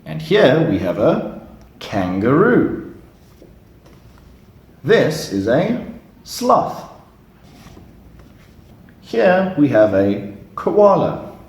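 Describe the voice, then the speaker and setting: A man teaching young children animal words from flashcards, with slow and encouraging repeat-after-me prompts. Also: a little high, sing-song, a little mellow. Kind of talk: slow flashcard lesson for kids. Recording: roomy echo.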